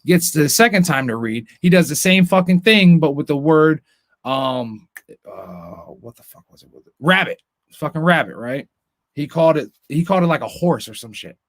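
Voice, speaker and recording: Profane ranting man, bright and dry. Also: fairly high pitch, animated, moderate pace, no room sound. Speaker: podcast host. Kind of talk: casual chat.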